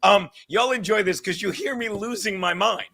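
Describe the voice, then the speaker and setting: A man's voice: high voice, creaky, pushed and bright. A middle-aged man on a podcast, ranting angrily and swearing constantly as he insults people. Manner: angry, insulting, fast swearing. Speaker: podcast guest. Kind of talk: profane ranting commentary.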